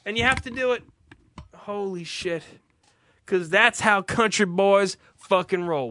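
Bright-voiced ranting young man. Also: sits high, a little slow, no room sound. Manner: irritated, profane, ranting. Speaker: podcast host. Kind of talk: profane rant and ad read.

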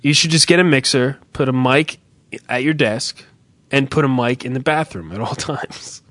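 A man co-hosting a podcast in casual, profane banter, rambling and animated as he tells stories. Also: medium pitch, moderate pace, dry recording. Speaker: podcast co-host.

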